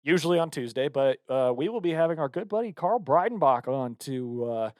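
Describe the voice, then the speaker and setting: A young adult American man co-hosting a podcast, ranting in a casual, profane, animated way. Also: on the high side, a little fast, no echo, clean studio sound. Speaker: podcast co-host. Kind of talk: casual chat.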